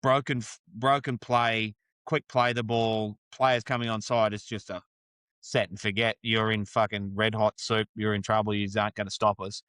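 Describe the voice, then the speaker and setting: A man's voice: on the low side, flat delivery, normal speed, a bit bright, clear, resonant tone, no room sound. An Australian man co-hosting a sports podcast, ranting and swearing about a rugby league game in casual chat. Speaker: podcast co-host. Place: studio.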